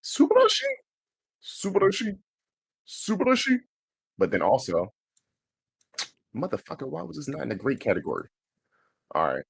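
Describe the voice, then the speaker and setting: A man's voice: on the low side, very animated, a little fast, creaky, pauses often, breathy edge, no room sound. A man streaming, chatting casually, swearing freely and sounding out foreign words syllable by syllable. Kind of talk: casual livestream chat.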